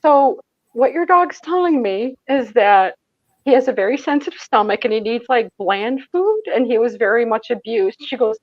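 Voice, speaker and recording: A woman's voice: on the high side, lively intonation, moderate pace, dry recording, lo-fi sound. A woman from Michigan, a psychic medium, telling a story as an interview guest, laughing often and acting out the voices she quotes. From Michigan, USA. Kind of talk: animated storytelling in a casual interview.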